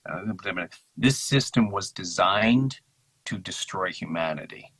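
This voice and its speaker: Husky, impassioned man in conversation. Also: low voice, takes it slowly, low-quality recording. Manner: animated, acts out quotes in mocking voices. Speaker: podcast guest.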